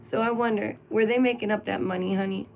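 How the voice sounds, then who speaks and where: A woman's voice: mid-range voice, steady tone, fast talker, vocal fry, a little mellow, rough recording. A middle-aged woman venting to her viewers in a casual, emotional vlog. She talks animatedly and laughs between points. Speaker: vlogger.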